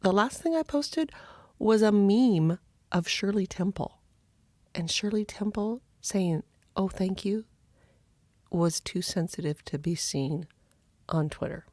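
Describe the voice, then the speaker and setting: A woman's voice: mid-range voice, animated, unhurried, a little mellow, no room sound. A woman hosting her own podcast in a chatty, friendly way, her voice froggy from just waking up. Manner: chatty and friendly, with little laughs. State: froggy morning voice. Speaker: podcast host. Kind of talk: casual podcast talk.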